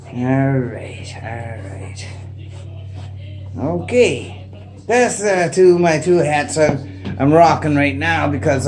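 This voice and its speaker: A man's voice: medium pitch, darkish tone. A middle-aged man with a Canadian accent, talking casually and unscripted into a propped-up phone at home, rambling with lots of "eh" and "like". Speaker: vlogger. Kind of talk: casual unscripted chat to camera. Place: indoors at home. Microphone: phone propped up facing him.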